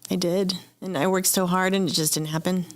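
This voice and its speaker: A woman with a low voice tells her personal story as a podcast guest. She speaks candidly, and emotion runs close to the surface. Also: level tone, fairly quick. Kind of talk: personal interview conversation.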